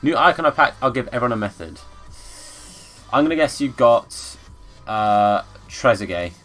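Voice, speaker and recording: A young man streams a football game, chatting in a casual way and breaking into excited shouts when the action heats up. His voice sits at a middling pitch. Faint music plays under his talk. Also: moderate pace. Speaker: gaming streamer. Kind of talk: live-streamed game commentary.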